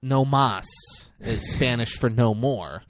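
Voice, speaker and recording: A man's voice: takes it slowly, no room sound. A man casually and profanely recapping a movie scene, acting out the characters as he goes. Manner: animated retelling, acts out characters with swings in pitch and loudness. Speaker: podcast co-host recapping a movie.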